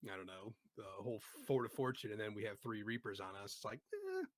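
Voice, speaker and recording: A man co-hosting a casual gaming podcast, joining in with relaxed, joking banter. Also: on the low side, fast talker, dry recording. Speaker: podcast co-host.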